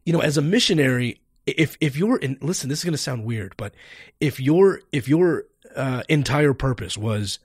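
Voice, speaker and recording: Husky, emphatic podcast host man. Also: mid-range voice, normal speed, no room sound, clean studio sound. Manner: animated and emphatic. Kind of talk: debate interview.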